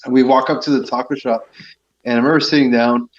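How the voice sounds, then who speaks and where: A man's voice: medium pitch, fairly even intonation, quick pace. A man from San Diego chatting on a podcast, telling a rambling anecdote and putting on playful voices for the people he quotes. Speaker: podcast guest, events director. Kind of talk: casual chat, storytelling. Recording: dull lo-fi podcast audio.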